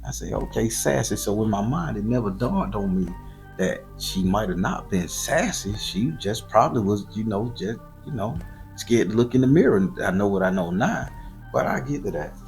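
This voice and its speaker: Gravelly low-voiced Southern man telling a story. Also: moderate pace, soft background music. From southern Florida. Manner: loose, profane and animated, with slangy repetition. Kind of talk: casual profane storytelling.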